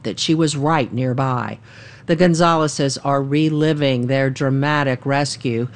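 A woman reporting a news story in a measured, even narration. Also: low-pitched.

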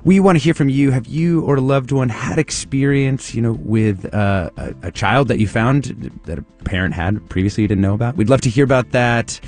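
A man hosting a public radio talk show, speaking in a measured way and giving soft acknowledgments as his guest talks. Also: mid-range voice, soft background music. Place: radio studio. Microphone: studio microphone.

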